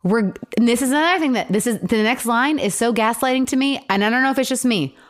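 Heated, animated woman chatting. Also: fairly high pitch, quick pace. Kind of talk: casual chat.

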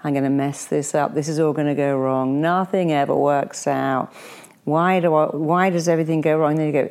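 A woman guest who coaches clients, chatting and telling anecdotes in an animated way, acting out the voices of the people she quotes. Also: low voice, normal speed. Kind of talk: conversational podcast storytelling.

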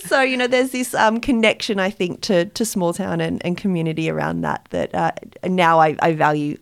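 Brief: Australian woman guest, slightly low pitch, chatty, lots of "you know". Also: vocal fry. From Australia, small town. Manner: chatty, many fillers like "you know", quick laughs. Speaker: guest, jewellery brand founder and author. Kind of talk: casual interview chat.

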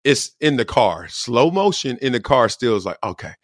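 A middle-aged male host in casual sports commentary, slangy and loose, his pitch swinging up and down a lot as he acts out other people's lines. The sound is dry and close, with almost no room. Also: moderate pace, no echo. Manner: animated, slangy, acts out quotes in voices.

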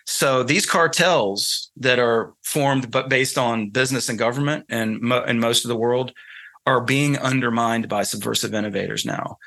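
Bright-voiced Southern man from North Carolina. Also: medium pitch. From North Carolina, USA. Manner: thoughtful, explanatory, storytelling. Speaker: guest author. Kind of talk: conversational interview.

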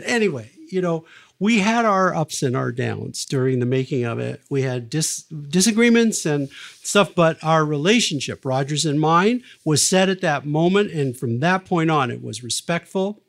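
A man's voice: on the high side, normal speed, vocal fry. Older man telling studio stories. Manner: lively raconteur, many fillers and restarts, acts out quoted lines. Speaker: record producer, interview guest. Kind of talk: anecdotal storytelling in a podcast interview.

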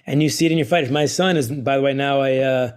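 A middle-aged man, an author speaking as a guest, telling stories in an animated way and laughing often. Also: medium pitch, quick pace, clean tone. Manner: energetic, quotes others in put-on voices, laughs often. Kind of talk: animated storytelling interview.

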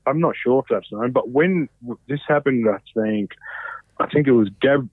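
At a moderate pace and in a mid-range voice, an Australian man in his thirties swaps stories as a podcast guest, swearing freely and rambling with many fillers. The sound is dry and phone-like, without echo.

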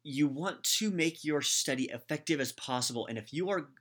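A man's voice: on the high side, normal speed. Opinionated man hosting a study podcast. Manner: opinionated, animated, frequent restarts. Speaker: Japanese language podcast host. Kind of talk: casual advice monologue.

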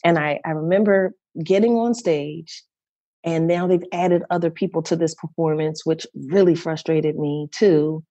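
Mellow, emotional woman recounting a story. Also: low voice, steady tone, unhurried, no room sound, dull audio. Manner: emotional, repeats and restarts phrases. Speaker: guest performer. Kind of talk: candid interview storytelling.

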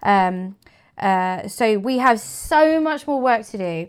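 A woman's voice: medium pitch, animated, takes it slowly, clear, resonant tone. A woman speaking as an interview guest about her work in marketing, frank and opinionated, with many fillers. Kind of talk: casual interview talk.

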